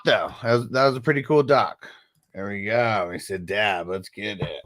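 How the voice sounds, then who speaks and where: A man's voice: lowish voice, moderate pace, fairly bright tone. A man hosting a casual livestream, talking in a laid-back, slangy way to his chat and coughing now and then. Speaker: livestream host.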